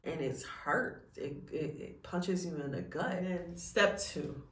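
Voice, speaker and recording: A woman's voice: on the low side, measured pace, a bit bright, echoey room, far from the mic, slight background noise. A woman telling her own story in a personal vlog, earnest and close to tears as she talks about faith. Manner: tearful, earnest and faith-filled. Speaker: vlogger.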